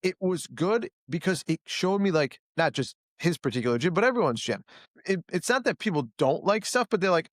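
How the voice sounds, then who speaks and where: A man's voice: high voice, fairly quick, no room sound, clean studio sound. A man who coaches jiu-jitsu and runs a gym, talking in a casual interview, blunt and self-critical, often acting out other people in a raised voice. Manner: animated, acts out quoted people in a raised voice.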